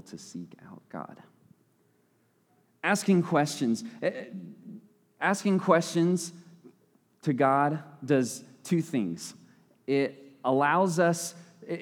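A man's voice: mid-range voice, a little mellow. Young man preaching in a reverberant hall. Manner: conversational, self-correcting, with playful asides. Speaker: lay preacher. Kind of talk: sermon.

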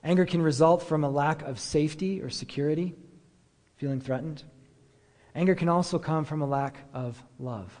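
A pastor gives a relaxed, conversational sermon, with a lot of "like" and "um" and questions put to his listeners. His voice sits a little high for a man. A long reverb trails after each phrase, as if he were speaking in a big hall. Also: normal speed. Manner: casual, many fillers, rhetorical questions.

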